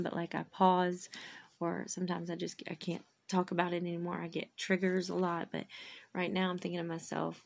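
A woman's voice: lowish voice, flat delivery, moderate pace, vocal fry. A woman in her late thirties talking emotionally and at length, drained and tired, rambling and restarting her thoughts, near tears at times. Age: 30s. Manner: rambling, heartfelt, trails off and restarts. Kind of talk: emotional personal monologue.

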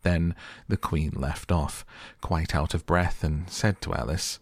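A man narrating a storybook in a soft, slow, calm bedtime manner. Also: sits low, slightly rough, no echo, studio quality. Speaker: audiobook narrator.

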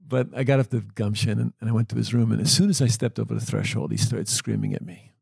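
A man with a low, gravelly, husky voice recounts his caregiving work in a gentle, earnest manner. The sound is dark and dry, close to the mic. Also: fast, no room sound. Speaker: end-of-life caregiver. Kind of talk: reflective storytelling.

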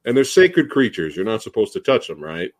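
A man hosting a podcast, chatting casually and excitedly about a movie, swearing freely and restarting his sentences. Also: lowish voice, a little fast. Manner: excited, profane, lots of fillers and restarts. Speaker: podcast host. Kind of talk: casual chat.

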